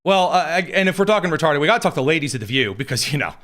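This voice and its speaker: A man's voice: a little high, lively intonation, racing, a bit bright. A man from East Central Indiana, hosting political commentary in a sarcastic, mocking way. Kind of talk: opinion commentary.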